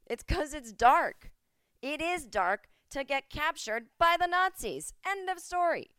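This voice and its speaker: An American woman hosting a podcast from home, ranting comedically with profane sarcasm, swinging between mumbled asides and loud outbursts. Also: high voice, very animated, a little slow, dry recording, clean studio sound. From United States. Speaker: podcast host. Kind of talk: comedic rant.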